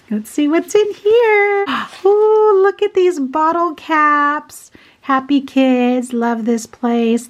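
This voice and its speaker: A woman with a fairly high voice who unwraps craft swap mail for her viewers. She talks in an unhurried way and gushes with excitement, gasping and exclaiming over every piece. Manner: gushing, excited, lots of gasps and exclamations. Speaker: craft vlogger. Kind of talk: casual unboxing chat.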